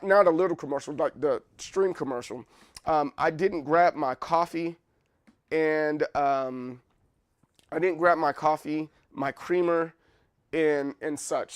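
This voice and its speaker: A man's voice: fairly high pitch, dry recording, clean studio sound. A man hosting his own livestream, chatting casually in a rambling, playful and apologetic way. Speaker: livestream host.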